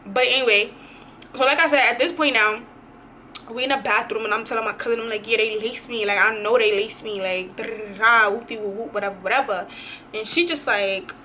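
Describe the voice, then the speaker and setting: A woman's voice: a little high, normal speed, slight background noise. A young woman vlogger telling a dramatic, slangy story in a casual storytime. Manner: animated, slangy, dramatic retelling.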